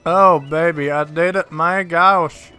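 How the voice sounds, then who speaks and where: Male game streamer, fairly high voice, unhurried delivery, excitable and sarcastic, casual swearing. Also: clean tone, soft background music. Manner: excitable, whoops and yells at wins. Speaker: gaming livestreamer. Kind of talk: live gameplay commentary.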